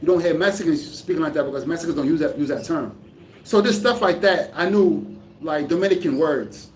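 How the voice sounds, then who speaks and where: Male vlogger from the US, casual rambling delivery, slightly high pitch, faint background hiss. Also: a little fast, darkish tone. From United States. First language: English. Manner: rambling, many fillers and restarts. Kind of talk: casual reflective talk to camera.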